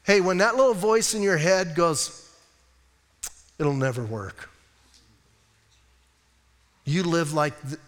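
A man preaching a sermon as pastor, casual and joking, with animated delivery. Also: sits high, normal speed, in a large hall. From United States. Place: church sanctuary.

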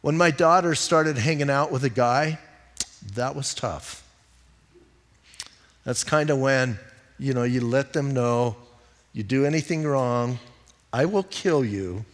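A man's voice: mid-range voice, a little slow. A middle-aged male pastor preaching a conversational sermon, mixing jokes and stories with teaching. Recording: long hall reverb.

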